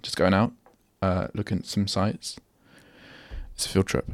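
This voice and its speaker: A man's voice: deep voice, flat delivery, a little slow, no room sound. Rambling young man on student radio. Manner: rambling, self-interrupting, chatty. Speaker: radio host. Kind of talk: casual solo radio chat. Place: radio studio.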